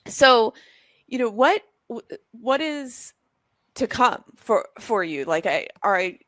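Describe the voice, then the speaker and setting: A woman hosting a podcast interview, chatty and quick to laugh, asking long rambling questions. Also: a little high, very animated, fairly bright tone, dry recording. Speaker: podcast host. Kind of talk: conversational interview.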